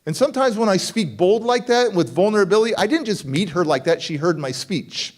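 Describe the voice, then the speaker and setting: A man with a notably high speaking voice delivers a motivational keynote. He tells stories in an animated way and acts out the dialogue of the people in them. He sounds middle-aged. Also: a little fast. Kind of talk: storytelling keynote speech.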